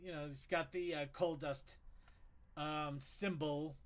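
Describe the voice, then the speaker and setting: A man's voice: fairly high pitch, fairly even intonation, takes it slowly. A man hosting a casual online panel show, rambling through segments, laughing often and restarting his words. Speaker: podcast host.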